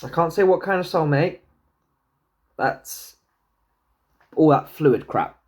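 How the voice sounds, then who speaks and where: A man giving a casual tarot reading to camera, swearing freely and joking with himself. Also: takes it slowly. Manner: chatty, swears freely, jokes to himself, talks back to the universe; lively pitch, swoops high into silly put-on voices. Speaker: tarot and numerology reader.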